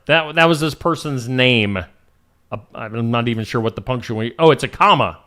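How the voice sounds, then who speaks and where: A man's voice: medium pitch, moderate pace, bright, forceful tone. A man hosting a morning show in casual chat, reading odd news stories and joking about them. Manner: jokey, reads headlines then riffs on them.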